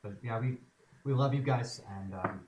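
A man hosting a tabletop game show, speaking softly and haltingly with many fillers as he wraps up the season. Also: medium pitch, recorded from a distance, dull audio, background noise. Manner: soft-spoken, halting with fillers. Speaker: game master and show host. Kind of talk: end-of-season stream wrap-up. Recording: roomy, from off the mic.

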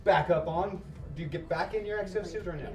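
A man narrating a tabletop game as game master, with a measured, descriptive manner. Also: high-pitched, darkish tone. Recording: echoey room, far from mic, music behind.

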